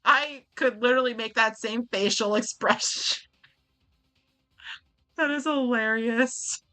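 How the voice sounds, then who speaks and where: A woman's voice: a little high, takes it slowly, pushed and bright, soft background music. Chatty young woman streamer. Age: 20s. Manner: chatty and rambling, lots of "like" and "um". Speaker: streamer playing a game. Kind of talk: let's-play commentary and chat.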